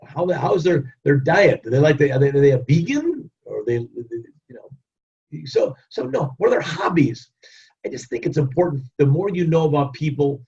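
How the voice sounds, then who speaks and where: A man giving a keynote motivational leadership webinar talk, energetic, running through repeated lists and acting out what people say. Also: medium pitch, vocal fry. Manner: energetic, repetitive lists, acts out quotes. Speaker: keynote speaker. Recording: dull lo-fi webinar audio.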